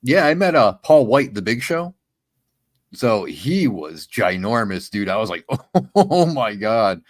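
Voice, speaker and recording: A man, a guest on a casual livestream chat, telling excitable stories and calling people dude. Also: fairly low pitch, a little slow, dry recording, studio quality. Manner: excitable storyteller, says dude a lot.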